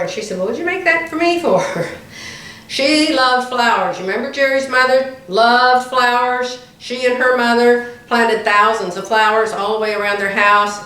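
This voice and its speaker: A woman in her seventies telling animated anecdotes to her viewers from home, laughing often. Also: mid-range voice. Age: 70s. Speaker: quilting vlogger. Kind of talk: casual chatty storytelling to viewers. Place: indoors at home by the front door. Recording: very echoey room, distant mic, faint hiss.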